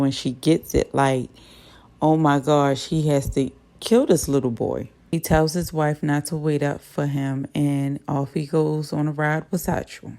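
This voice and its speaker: A woman with a low, mellow voice chats her way through a TV episode recap. She is relaxed and conversational, and she slips into quick voices for the characters' lines. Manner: chatty, voices the characters' lines while retelling. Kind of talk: casual plot retelling.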